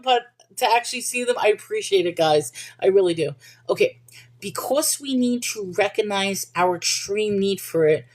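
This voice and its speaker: A woman hosting a livestream, talking casually about faith and reading viewer comments, chatty and thinking aloud with restarts and little laughs. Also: medium pitch.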